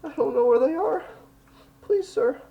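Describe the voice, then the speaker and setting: A man's voice: extremely high pitch, lively intonation, a little slow, gravelly, warm tone, muffled recording, pitched above the performer's own voice, full character voice. A man voicing a terrified five-year-old human girl who pleads and sobs in a tabletop game. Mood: frightened, pleading. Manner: sobbing, pleading, breathless rush of words. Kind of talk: tabletop game role-play.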